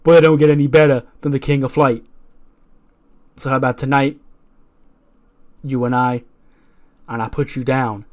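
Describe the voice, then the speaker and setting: A man voicing a cocky, loud wrestler. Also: mid-range voice, steady tone, normal speed, pauses often, close to an everyday voice. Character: brash cocky male wrestler taunting a rival.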